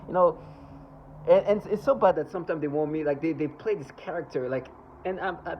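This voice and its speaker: A man's voice: fairly high pitch, highs cut off, a little hiss or hum. A man talking to camera in a rambling monologue, scornful and sarcastic, often stopping and restarting. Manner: halting, with many restarts and asides. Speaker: vlogger.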